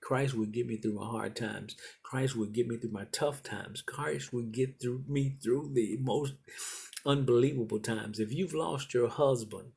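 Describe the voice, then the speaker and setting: Gravelly-voiced man preaching. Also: medium pitch, a little slow, a little mellow. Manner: repetitive, encouraging preaching cadence. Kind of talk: sermon.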